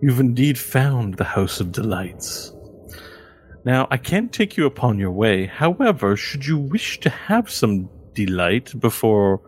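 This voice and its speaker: A man's voice: very animated, measured pace. A man voicing a formal, welcoming male impresario of a pleasure house in a tabletop game, speaking in a theatrical, courtly manner. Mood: gracious. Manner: smooth, theatrical, welcoming, raised pitch.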